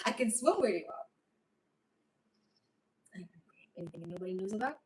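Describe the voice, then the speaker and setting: A woman's voice: medium pitch, expressive, normal speed, long pauses. A woman chatting on a livestream, rambling and emotional. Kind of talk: casual livestream chat reading comments. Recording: voice a bit far from mic, faint noise.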